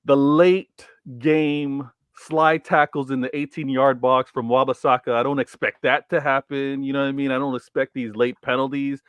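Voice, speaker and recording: Wry co-host with a dry, close sound. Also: male voice, medium pitch, flat delivery, smooth, no room sound. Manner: measured, wry, hedging rebuttals. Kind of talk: casual football debate.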